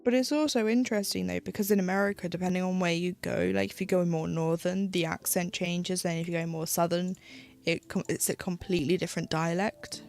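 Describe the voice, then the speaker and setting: British woman streamer, casual and rambling, a little gravelly, with faint music behind her. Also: lowish voice, fairly even intonation, fairly quick, a little mellow. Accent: British English. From United Kingdom. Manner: chatty, rambling, with frequent "like" and restarts. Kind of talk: casual chat while stitching on a live stream.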